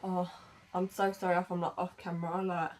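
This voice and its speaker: A woman's voice: lowish voice, level tone, a little fast, a little mellow. A woman chatting casually through a makeup demo, with lots of fillers and self-corrections. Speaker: beauty vlogger. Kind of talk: makeup tutorial chat.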